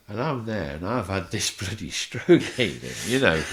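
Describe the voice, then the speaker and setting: An older man, a guest telling an animated story and acting out the voices in it. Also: on the low side, moderate pace, few pauses. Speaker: interview guest. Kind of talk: anecdotal storytelling.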